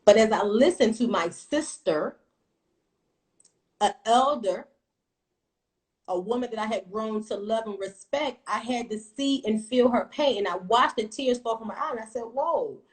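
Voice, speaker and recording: A woman in her thirties telling a personal story on a casual livestream, blunt and profane, with animated storytelling. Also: fairly high pitch, normal speed, low-quality recording. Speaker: livestream host.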